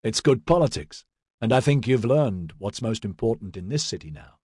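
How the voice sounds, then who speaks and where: A man voicing an aging senior constable, husky. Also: fairly low pitch, very animated, normal speed, a little mellow, no echo, clean studio sound. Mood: earnest. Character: aging male senior constable near retirement, proud and shrewd.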